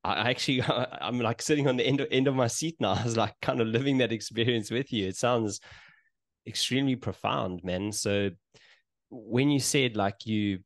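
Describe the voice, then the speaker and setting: A man hosting a podcast who speaks in a relaxed, hesitant way while reacting to his guest. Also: mid-range voice, moderate pace, no echo, clean studio sound. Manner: relaxed, hesitant, with fillers and laughs. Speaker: podcast host. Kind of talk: casual interview chat.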